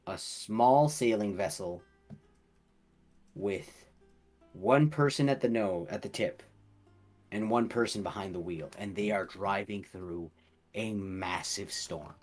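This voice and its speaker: A man running a tabletop game, narrating in an unhurried, low voice with a husky edge. He describes scenes at a slow, deliberate pace, sometimes dropping to a hush, with faint music playing behind him. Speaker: game master.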